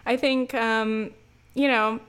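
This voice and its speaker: A woman's voice: fairly high pitch, fairly even intonation, slow, fairly bright tone, clear, resonant tone. A young American woman, a student, ranting casually to her listeners, chatty and full of fillers, restarts and swearing. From United States. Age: young adult. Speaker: student vlogger. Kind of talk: casual rant to camera.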